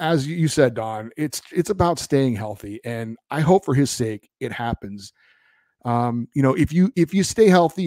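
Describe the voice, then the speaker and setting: A middle-pitched man hosting a hockey fan podcast, talking in a loose, rambling way full of ums and restarts. He is close on the mic in a dry room. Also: darkish tone, no room sound. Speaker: podcast host. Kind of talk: reading listener emails and chatting.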